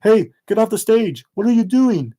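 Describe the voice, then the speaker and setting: A man's voice: sits high, big pitch swings, normal speed, mellow, voice pushed up. A man voicing an alarmed adult man urgently calling out.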